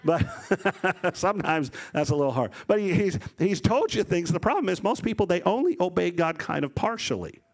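A middle-aged man preaching a sermon as a pastor, telling stories with lively acted-out voices. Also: sits high, a little fast, vocal fry. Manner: animated storytelling, acts out voices.

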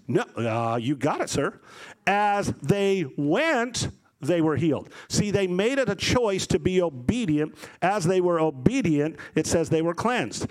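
A middle-aged male pastor preaching with animated energy. His voice sits a little high, and he tells the stories vividly, slipping into the people he describes. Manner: animated storytelling, acts out voices. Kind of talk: sermon.

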